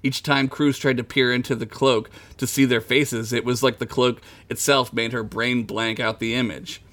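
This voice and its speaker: A man's voice: mid-range voice, flat delivery, moderate pace, fairly bright tone. A man hosting a podcast, narrating a comedic story in a joking, irreverent way. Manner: joking, irreverent, laughs at his own lines.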